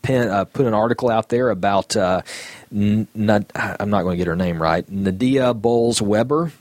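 A man hosting a casual podcast chat, talking in a halting way with many fillers as he reads out listener comments. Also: on the low side, darkish tone, dry recording. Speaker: podcast host.

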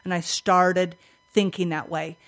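An older woman, a guest in an interview, tells a personal story in an animated way, acts out her own past thoughts and laughs often. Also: lowish voice, measured pace.

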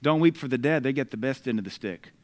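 Emphatic American preacher with loud scripture bursts. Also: male voice, mid-range voice, expressive, quick pace. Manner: conversational asides between readings. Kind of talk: sermon.

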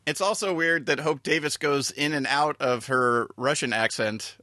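TV podcast co-host, man, bright voice, dry close sound, rambling with restarts. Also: fairly high pitch, no room sound. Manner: halting, many fillers and restarts. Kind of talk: casual chat.

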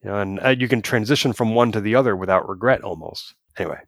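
A man co-hosting a podcast, chatting in a casual, animated way and acting out quoted lines as he tells stories. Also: on the low side, quick pace, dry recording. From United States. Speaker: podcast co-host. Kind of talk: casual review chat.

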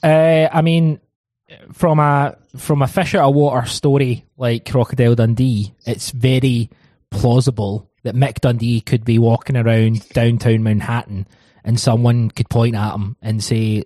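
A man's voice: medium pitch, steady tone, a little slow, warm tone, dry recording. Chatty laughing man hosting a podcast. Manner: chatty, laughs often, leads the segments. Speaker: podcast host. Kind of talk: casual panel chat.

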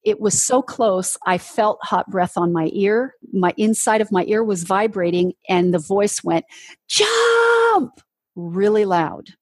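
A woman's voice: mid-range voice, measured pace, hardly any pauses, darkish tone, breathy edge, dry recording. A woman, a ministry leader, guest on an interview show, telling her personal testimony in an earnest storytelling way, acting out the voices she quotes.

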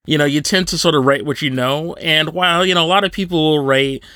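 Guy hosting a podcast chat, bright ringy voice, dry close sound, laughs a lot. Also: a little high, quick pace, no room sound. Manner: chatty, laughs often, many fillers. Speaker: podcast host. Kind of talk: casual interview chat.

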